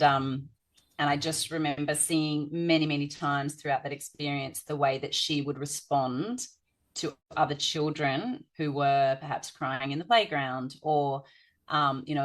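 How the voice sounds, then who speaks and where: A woman with an Australian accent shares stories from her family life. Her voice sits a little low, and she talks in a loose, rambling way, full of "um" and "you know". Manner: warm storytelling with frequent fillers. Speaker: podcast guest, parenting instructor. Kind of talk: conversational storytelling.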